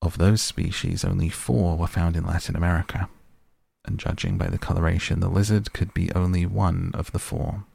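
Male narrator for a novel, gravelly fry, voices characters with little change. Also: deep voice, moderate pace, dry recording. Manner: reads all characters in a mostly even narrating voice. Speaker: audiobook narrator. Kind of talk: scripted narration.

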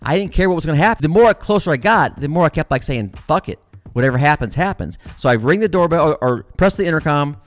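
Man, middle-aged, fairly high voice, casual profane storytelling, faint music underneath. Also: fast talker. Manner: animated, profane, addresses listeners as guys.

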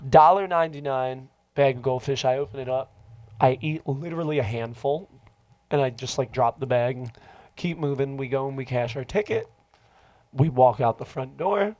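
A man tells a story in casual podcast talk, his medium-pitched voice moving at a normal speed with no echo. He swears freely and animatedly acts out the voices of the people he quotes.

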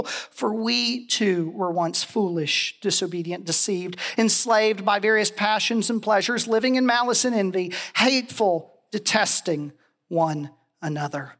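A woman's voice: mid-range voice, a little slow, a bit bright. A woman giving a chapel sermon, telling it expressively, her voice climbing on the key phrases. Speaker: chapel speaker.

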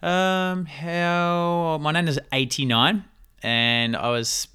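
A young man hosts his podcast alone. His tone is bright and forceful, and he rambles in a chatty way, often breaking into laughs. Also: fairly high pitch, fairly even intonation, slow pace, smooth. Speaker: podcast host. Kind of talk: casual solo podcast talk.

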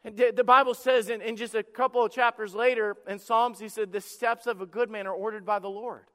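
Preaching a little fast with fairly even intonation, a pastor fills a church sanctuary with his high, bright, clean-edged voice. Hushed, intimate stretches alternate with fervent, loud bursts, and a long reverb lingers after every line.

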